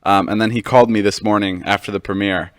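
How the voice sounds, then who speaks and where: A man's voice: fairly low pitch, fairly even intonation, fast talker, dry recording, studio quality. A young man hosting a podcast, telling stories in casual chat and rambling with plenty of fillers. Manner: rambling storyteller, heavy on fillers. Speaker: podcast host.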